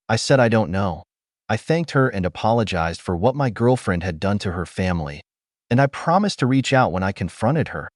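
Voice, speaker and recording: A man reading a first-person story aloud as scripted narration, in a steady, even-paced storytelling manner. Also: on the low side, no echo, studio quality.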